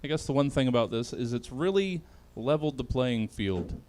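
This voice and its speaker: A man's voice: moderate pace, slight background noise. A man hosting a comedy panel show over a video call, laughing often between lines. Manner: laughs often, lively swings in pitch.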